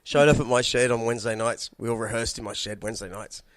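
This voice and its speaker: A man's voice: mid-range voice, fairly even intonation, quick pace, dry recording, clean studio sound. A man hosting a podcast in casual chat. He talks a lot, swears casually and keeps checking in with his listeners.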